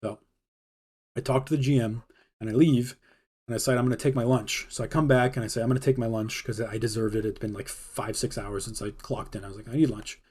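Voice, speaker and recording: Male streamer, quick husky delivery, animated storyteller voicing everyone he quotes. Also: mid-range voice. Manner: fast, animated retelling with quoted dialogue. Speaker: podcast host telling a personal story. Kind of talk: casual storytelling monologue.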